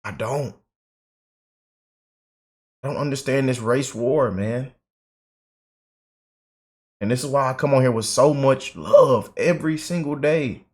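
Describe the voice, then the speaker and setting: A man's voice: mid-range voice, slow, pauses often, a little mellow. A man hosting a political commentary channel, emotional and repetitive, filling his talk with "man" and "you know".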